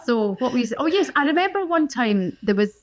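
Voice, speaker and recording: A middle-aged Scottish woman, a guest actor, telling lively anecdotes in a casual podcast chat and laughing often. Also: high voice, brisk.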